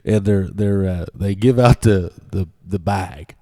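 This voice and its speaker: A man's voice: low voice, a little slow, dark tone, no echo, clean studio sound. A man telling a story on a podcast, rambling and laughing often with casual swearing. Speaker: podcast guest.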